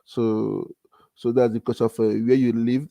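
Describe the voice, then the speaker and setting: A man in a casual group chat, talking in halting repeated phrases and often asking "you understand?". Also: mid-range voice, level tone, creaky, dark tone, no room sound. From France.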